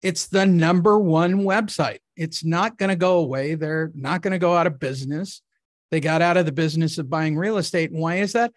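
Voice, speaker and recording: An enthusiastic host in a casual interview, with a middle-pitched voice. The sound is dry and close, with no room around it. The talk is eager and promotional. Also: normal speed, no echo.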